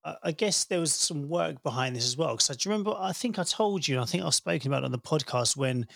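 Man, middle-aged, podcast host, candid, animated, gravelly, dry. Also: on the high side, quick pace, no room sound. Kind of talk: casual podcast chat.

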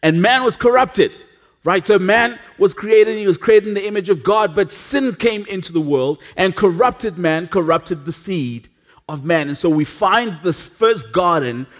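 A pastor preaching a sermon at a church service. He talks earnestly, often restarts his sentences, and drops into a hush for emphasis. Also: high voice, animated, a little slow.

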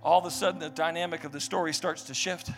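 A man preaching a passionate sermon in a church, swinging from hushed tones to shouted, repeated refrains. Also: fairly high pitch, fairly even intonation, fast, gravelly, faint music behind. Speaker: pastor. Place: church sanctuary.

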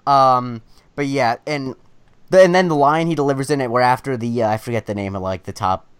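A man's voice: medium pitch, fairly quick, clear, resonant tone, no echo. A man on a casual movie podcast, talking enthusiastically and rambling with many restarts. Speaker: podcast co-host.

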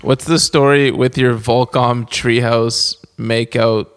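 A man's voice: mid-range voice, little pitch movement, takes it slowly, clear, resonant tone. A man hosting a podcast, asking casual, joking interview questions. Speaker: podcast host.

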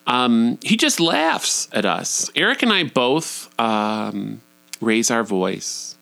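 A man in his thirties telling a candid, profane personal story, often jumping up high in pitch. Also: sing-song, takes it slowly, vocal fry, sharp tone.

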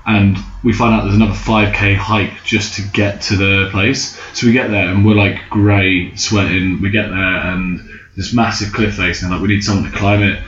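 A man's voice: on the low side, steady tone, normal speed, a bit bright, a little hiss or hum. A young man casually telling a long, sweary anecdote as a guest in a chat. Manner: rambling, swearing anecdotal storyteller. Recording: roomy, slightly dull sound.

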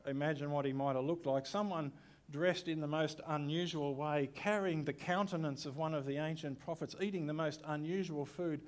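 A man's voice: a little high, steady tone, moderate pace. A man, a pastor giving a sermon in a conversational way with rhetorical questions.

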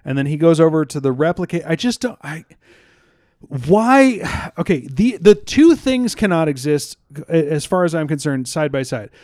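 Young male co-host, slightly high voice, rambling casual chat, stumbles over words, laughs a lot, dry close sound. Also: big pitch swings, normal speed, darkish tone, no room sound. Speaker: podcast co-host.

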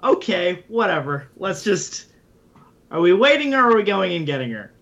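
A man playing his character in a tabletop role-playing game, talking in a wry, drawn-out way. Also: high voice, sing-song, a bit bright, lo-fi sound. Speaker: player.

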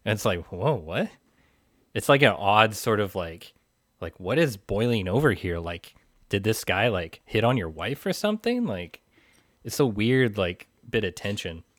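A man's voice: on the low side, very animated, moderate pace, a bit bright, dry recording, clean studio sound. A man co-hosting a casual film discussion, thoughtful and rambling with fillers. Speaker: film podcast co-host.

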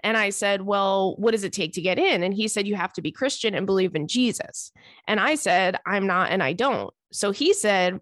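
A woman hosting a casual podcast, reading listener letters aloud and reacting with chatty asides. Her voice sits at an ordinary middle pitch and often tips into giggles. The recording is close and dry, with no room sound. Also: expressive, brisk, a bit bright, no room sound. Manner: giggly, breaks into laughter often. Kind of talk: casual chat.

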